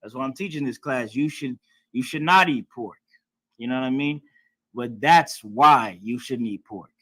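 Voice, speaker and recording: Blunt man at mid pitch preaching a lesson, casual and emphatic, dry close sound. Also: a bit bright, no echo. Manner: emphatic, blunt, colloquial with occasional swearing; acts out other people's voices in mocking tones. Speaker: class teacher.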